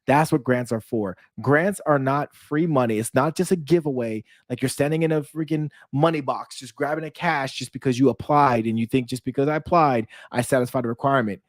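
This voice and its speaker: A man coaching small-business owners, telling his story in a lively, casual way and speaking straight to his viewers. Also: medium pitch, normal speed, few pauses, no room sound, studio quality. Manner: energetic, storytelling, addresses viewers as "you guys". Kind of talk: casual talk to camera.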